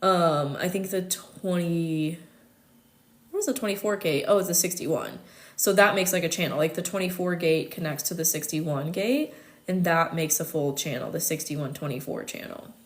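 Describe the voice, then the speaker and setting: A woman's voice: lowish voice, moderate pace. A young American woman with an American accent, hosting a casual livestream chat, talking chattily with many fillers and frequent laughs. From United States. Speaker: host.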